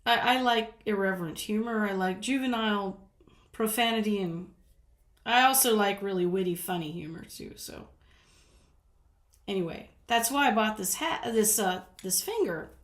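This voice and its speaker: A woman's voice: medium pitch, normal speed. A woman from the American South telling rambling stories in a casual chat, laughing often. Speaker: vlogger. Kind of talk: casual storytelling. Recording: roomy echo.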